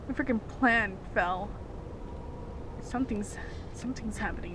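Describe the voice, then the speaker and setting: A woman's voice: on the high side, moderate pace, background noise. A woman streaming a video game, talking to it in anxious, chatty commentary. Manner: anxious, calling out to a game character.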